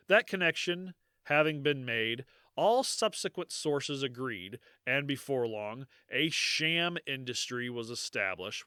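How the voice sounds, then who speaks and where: In clean studio sound with no room echo, a man co-hosting a podcast chats casually and reads out a lengthy quote. His mid-range voice is clear and resonant, and he's animated, swearing and laughing often as his volume swings between loud and quiet.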